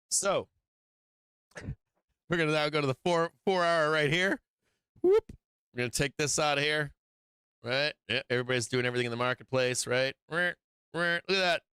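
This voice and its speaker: A man's voice: medium pitch, pushed and bright, smooth, no echo. A man hosting a stock market stream, talking through charts in a brash, profane, hyped-up way and speaking straight to his viewers. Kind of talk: casual live chart commentary.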